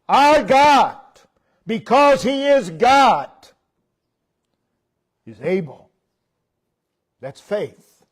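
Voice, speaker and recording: A man preaching a sermon in a church, repeating key phrases with emphasis and letting his line endings fall low and soft.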